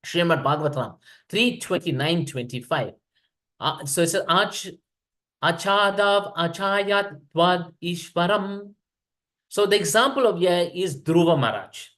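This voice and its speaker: Man, high voice, temple class speaker, animated, checks in with the audience. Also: moderate pace. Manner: animated, quoting verses and checking in with "right?". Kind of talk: scripture class lecture.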